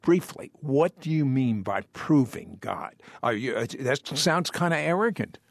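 A man's voice: mid-range voice, expressive, a little slow, creaky, no room sound. A man hosting a broadcast interview, asking probing conversational questions. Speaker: interview host.

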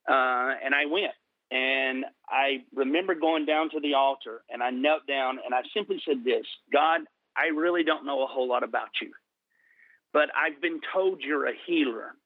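A middle-aged man telling his personal testimony in an interview, earnest and slowing down for emphasis. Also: medium pitch, no echo. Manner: earnest storytelling, slows for emphasis. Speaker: guest sharing testimony. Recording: tinny phone-like line.

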